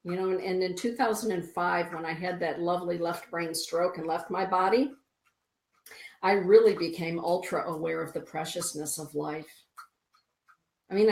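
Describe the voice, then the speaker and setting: In an echoey room, a middle-aged woman with a low-leaning, slightly mellow voice runs a spiritual live stream. She reads oracle cards and viewer comments aloud in a soothing manner, often repeating phrases.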